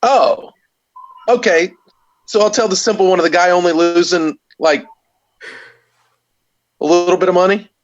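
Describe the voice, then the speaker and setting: A man with a fairly high voice tells a story on a video call with animation, slipping into the voices of the people he quotes. The call audio is dull and lo-fi. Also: fairly even intonation, normal speed, pauses often. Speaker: guest. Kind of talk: casual storytelling on a video chat.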